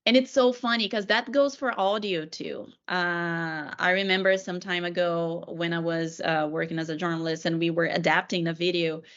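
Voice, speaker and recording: Woman, chatty, many fillers, lowish voice, muffled audio. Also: steady tone, normal speed, hardly any pauses, a bit bright. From Brazil. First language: Portuguese. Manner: chatty, acts out quoted remarks with many fillers. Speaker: PR professional, former journalist. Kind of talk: casual podcast discussion.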